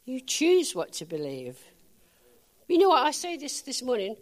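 Lively older woman preaching with laughs. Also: high-pitched, moderate pace. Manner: animated, laughing often, acting out dialogue. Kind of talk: sermon with humorous personal stories.

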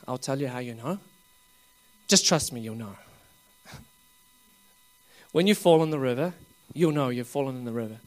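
A man preaching at a revival meeting, laughing often as he coaxes the crowd and rises to loud bursts. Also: medium pitch, normal speed, long pauses.

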